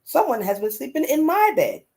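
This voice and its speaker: A mild mother bear in a storybook, as a woman puts her on. Her sing-song voice sits higher than the reader's own and moves up and down a lot. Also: sing-song, moderate pace, vocal fry, darkish tone, heavily acted. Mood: puzzled.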